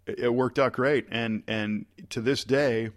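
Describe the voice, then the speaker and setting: A man casually telling a long story about his early career in a relaxed interview, restarting phrases and acting out conversations. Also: medium pitch, a little slow. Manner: rambling, animated storytelling with quoted voices. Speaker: podcast guest.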